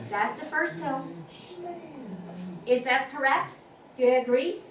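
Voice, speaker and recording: High-voiced teacher in an echoey classroom. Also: female voice, slow pace, long pauses, fairly bright tone. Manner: patient, repeats tones for students, many fillers. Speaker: Chinese language teacher. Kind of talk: classroom lesson. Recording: echoey room from far off, faint noise.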